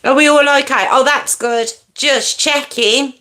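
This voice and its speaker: Woman, live-stream host, bright and chatty, slightly high voice. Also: measured pace. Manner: chatty, lively greetings to viewers. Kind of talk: casual chat with live viewers. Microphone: earpiece in.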